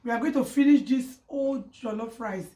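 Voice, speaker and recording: A woman's voice: fairly high pitch, moderate pace, warm tone. A woman co-hosting a casual eating vlog, playful and laughing easily. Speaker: vlog co-host. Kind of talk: casual mukbang vlog chat. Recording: echoey room, mic at a distance.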